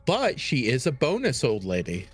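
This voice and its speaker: A man's voice: medium pitch, wildly swooping pitch, moderate pace, husky, soft background music. A man playing in a tabletop game, joking around and laughing easily with his group. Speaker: player.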